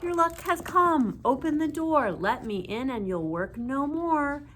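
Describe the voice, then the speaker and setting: A pack of mischievous fairies chants in a high, bouncy sing-song, as a woman acts them out. They sound wheedling and bossy at once, with the pitch swooping up and down. It is a storybook read-aloud. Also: lively intonation, measured pace, fairly bright tone, slight background noise.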